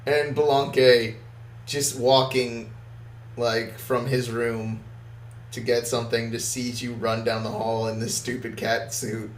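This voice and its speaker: A man's voice: mid-range voice, flat delivery, takes it slowly, slight background noise. A man running a tabletop game as game master, laid-back and laughing often. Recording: roomy audio from off-mic.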